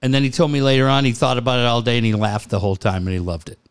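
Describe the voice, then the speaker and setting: A man's voice: mid-range voice, racing, clear, resonant tone. A middle-aged man co-hosting a podcast in casual, profane banter, joking and acting out quoted lines. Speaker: podcast co-host.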